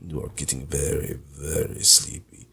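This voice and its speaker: A man doing a deep, sultry swashbuckler crooning softly. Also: flat delivery, creaky, slightly rough, heavily acted. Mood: hypnotic, sultry. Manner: slow, hushed, half-whispered crooning. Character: sultry accented swashbuckler lulling listener to sleep.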